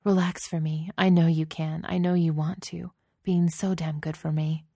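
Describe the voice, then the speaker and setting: A woman voicing a teasing, coaxing woman lover in a soft, murmured voice. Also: low voice, little pitch movement, moderate pace, dry recording, clean studio sound.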